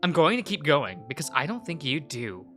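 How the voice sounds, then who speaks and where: A man's voice: a little high, very animated, normal speed, bright, forceful tone, soft background music. A man voicing a blunt, fiery young woman florist in a visual novel read-aloud, scolding and bluntly encouraging. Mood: earnest.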